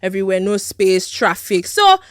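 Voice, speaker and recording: A woman's voice: medium pitch, big pitch swings, normal speed, dry recording, clean studio sound. A young Nigerian woman hosting her podcast, bubbly and hyped up, chatting casually on her own. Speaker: podcast host. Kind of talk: casual solo podcast chat.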